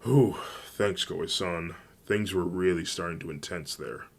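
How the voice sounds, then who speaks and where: A guarded young vigilante woman who talks in a plain, matter-of-fact way, as read by a man. The voice stays deep and close to a casual storyteller's own. A fan-made anime story. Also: unhurried, fairly bright tone, full character voice.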